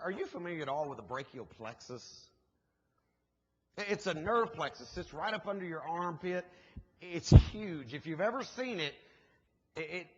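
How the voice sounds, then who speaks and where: A man, preaching as a guest speaker and telling a story with jokes and asides to the congregation. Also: a little high. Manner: animated, jokey storytelling with asides to the audience. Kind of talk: sermon storytelling. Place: church sanctuary. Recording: muffled, echoey church hall recording.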